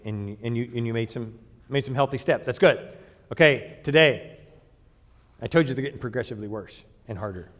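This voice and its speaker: A man preaching a sermon in a blunt, emphatic way, swinging between loud bursts and quiet asides. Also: medium pitch, long reverb tail. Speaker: pastor.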